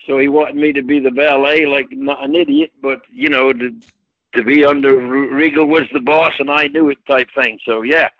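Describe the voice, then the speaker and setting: A man's voice: mid-range voice, steady tone, moderate pace, no echo, highs cut off. An older man from Scotland, a retired wrestler, telling rambling folksy stories in a casual interview. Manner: folksy, rambling storyteller who does voices in his anecdotes. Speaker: retired pro wrestler guest.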